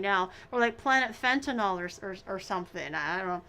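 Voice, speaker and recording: A woman's voice: mid-range voice, expressive, fairly quick, hardly any pauses, sharp tone, clear, resonant tone. A woman streaming herself cooking at home, chatting casually in a rambling way with exaggerated reactions. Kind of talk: casual livestream chat.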